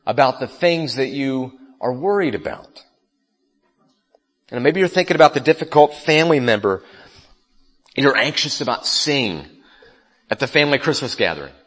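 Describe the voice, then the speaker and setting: A man's voice: mid-range voice, sing-song, unhurried, long pauses, a bit bright. A man preaching a sermon as a pastor, telling a story in a conversational way and speaking straight to his listeners. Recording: long reverb of a large hall.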